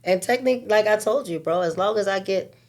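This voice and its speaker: A woman's voice: mid-range voice, brisk. A woman, a mother of three, talking frankly and laid-back about her own time in a podcast chat. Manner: frank, laid-back, calls music therapy. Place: podcast studio.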